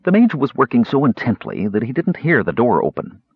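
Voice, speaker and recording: A man narrating a fantasy novel as an audiobook, in an expressive, measured storytelling manner. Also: medium pitch, husky, dry recording, dull audio.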